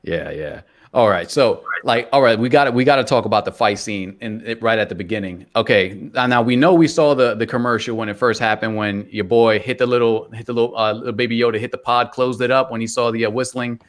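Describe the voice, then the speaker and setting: Easygoing male host leading a casual fan podcast, mid-pitched. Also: quick pace, few pauses. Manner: laid-back, asks the group questions, laughs often. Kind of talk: casual chat.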